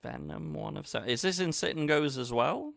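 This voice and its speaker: A man's voice: on the high side, expressive, brisk, gravelly, a bit bright, no room sound, faint music behind. A man chatting casually with his viewers while he plays online poker, bantering and talking to the chat. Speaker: poker streamer. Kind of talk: casual live-stream commentary.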